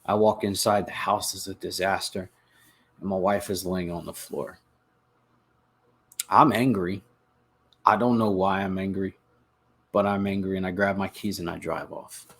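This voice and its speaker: A man hosting a podcast, telling his own story in an earnest, halting way, with repeated words and restarts. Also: sits low, fairly even intonation, gravelly, slightly rough. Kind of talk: confessional personal narration.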